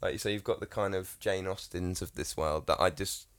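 A man's voice: low voice, steady tone, normal speed. A young English man in casual podcast chat, blunt and opinionated, swearing freely. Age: young adult. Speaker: podcast co-host.

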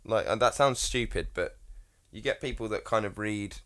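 Deep-voiced sweary young man. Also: normal speed, fairly bright tone. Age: young adult. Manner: blunt, sweary and opinionated. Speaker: podcast co-host. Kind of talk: casual chat.

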